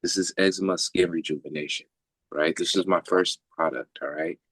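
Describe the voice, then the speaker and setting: This man's low, husky voice moves at normal speed with no echo as he spins a long personal story in casual talk. Animated and swearing freely, he acts out what the people in it said.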